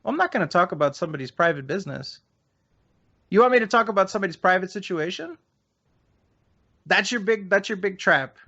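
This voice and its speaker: A man's voice: high-pitched, lively intonation, brisk, pauses often, pushed and bright. A man hosting a podcast, needling and mocking his guest in a heated debate, often restarting his sentences. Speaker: podcast host. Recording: dull lo-fi podcast audio.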